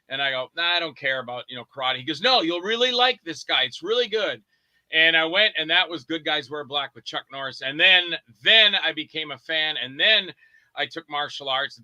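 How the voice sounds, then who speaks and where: A man's voice: fairly high pitch, no echo, poor audio. A man, a guest filmmaker, telling stories in a casual interview and acting out the people he quotes. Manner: animated, acts out quoted lines with swearing.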